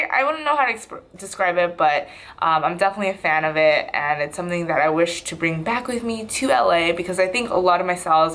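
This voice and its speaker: A woman's voice: fairly low pitch, fairly bright tone. A young woman in her twenties chatting casually in a video diary, rambling a little with frequent "um"s. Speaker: vlogger.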